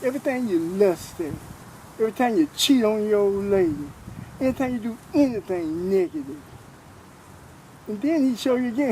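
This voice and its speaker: Older man, high-pitched, earnest informal preacher; faint outdoor traffic behind. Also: animated, normal speed, long pauses, dark tone, low-quality recording. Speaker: preacher sharing faith. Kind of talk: informal spoken testimony.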